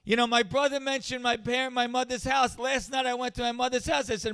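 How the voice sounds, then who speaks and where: A middle-aged male rabbi delivers a storytelling speech at a charity event, his voice high and notably clear. He builds from quiet anecdotes to impassioned emphasis. The sound is dry and close, with no room echo. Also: little pitch movement, fairly quick.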